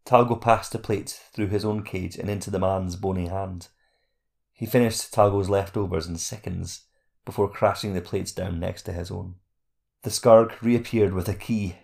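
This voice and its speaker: A man narrating a fantasy audiobook chapter in a steady, measured reading voice. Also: low-pitched, creaky.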